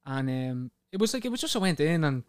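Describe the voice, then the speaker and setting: Young man, guest, quick, lively storyteller. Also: a little high, clean tone, no echo, studio quality. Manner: animated storyteller who acts out others' voices. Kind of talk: casual chat.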